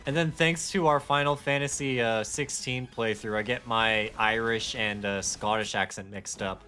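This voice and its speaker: A man's voice: medium pitch, fairly even intonation, normal speed, pushed and bright, soft background music. A man streaming a game live, chatting casually in a rambling, self-deprecating way. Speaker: gaming streamer. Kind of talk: casual live-stream chat while gaming.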